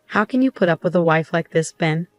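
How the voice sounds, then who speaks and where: A woman's voice: lowish voice, lively intonation, a little fast, no room sound, faint music behind, close to an everyday voice. A woman doing a bossy scolding mother-in-law. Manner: scolding, commanding. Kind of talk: storybook narration.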